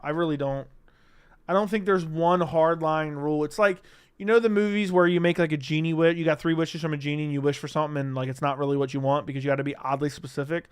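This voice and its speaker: Young male streamer, slightly raised pitch and clean tone, loose, salty chat reading viewer comments. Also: steady tone, fast, clean tone, no room sound, studio quality. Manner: casual, profane, reads chat comments aloud. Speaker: livestream host. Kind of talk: casual live-stream chat.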